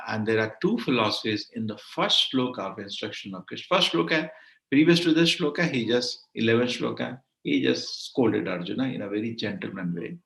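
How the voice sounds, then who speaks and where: Gravelly man teaching scripture. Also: mid-range voice, fairly bright tone. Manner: emphatic, repeats phrases for stress. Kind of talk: devotional scripture class lecture. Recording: roomy echo.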